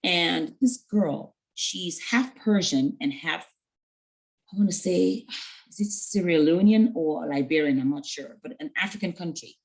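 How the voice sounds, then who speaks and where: Earnest woman mentor, lowish voice. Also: unhurried, gravelly, poor audio. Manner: earnest, storytelling with quoted dialogue; conversational with fillers. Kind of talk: mentoring talk to young women.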